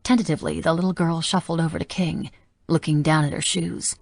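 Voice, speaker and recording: A woman narrating a romance audiobook softly and intimately. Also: low-pitched, fairly even intonation, a little fast, dry recording. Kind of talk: scripted narration.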